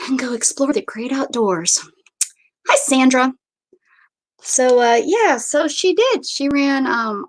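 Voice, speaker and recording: A woman's voice: a little high, a bit bright. A woman hosting a casual livestream, telling a rambling story and greeting viewers by name as they arrive. She often trips over her words and restarts. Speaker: livestream host. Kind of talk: casual chat.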